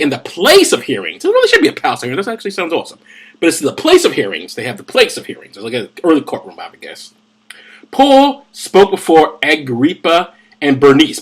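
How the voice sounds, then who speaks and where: Brief: husky man, lively swings in pitch, rambling and profane, a little drunk. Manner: rambling, profane, tipsy asides. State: drinking gin. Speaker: host of a comedic Bible reading. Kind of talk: casual comedic commentary.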